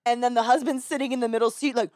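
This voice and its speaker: A woman telling a story in a casual podcast chat, animated and swearing casually, slipping into other people's voices with a higher pitch. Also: racing, no echo, studio quality. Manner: animated, acts out people in her stories with raised pitch. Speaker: podcast talker and rideshare driver. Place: podcast studio.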